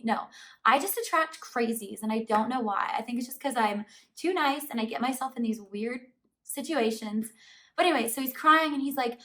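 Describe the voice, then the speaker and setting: A woman's voice: a little high, a little fast. A woman vlogger telling a storytime to camera in a casual, chatty way, peppering her talk with "like". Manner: chatty, fillers of "like" throughout, animated retelling. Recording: voice somewhat far from the mic.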